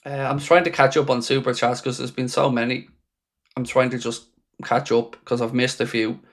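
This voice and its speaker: A man with a mid-range voice speaks at normal speed with little pitch movement. Hosting a live football watchalong, he reads out viewer messages and answers them with dry, sarcastic fan commentary.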